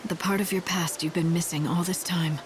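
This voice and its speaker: An actress playing a calm, earnest young game heroine who speaks in a measured, soft way. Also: female voice, lowish voice, noisy background, natural voice. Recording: game audio over clear music.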